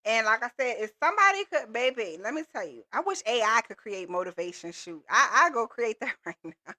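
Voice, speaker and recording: Bright, upbeat woman coach live. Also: on the high side, lively intonation, fairly quick. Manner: upbeat, motivational, casual slangy talk. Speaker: business coach and livestream host. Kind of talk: live call-in coaching stream. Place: Texas.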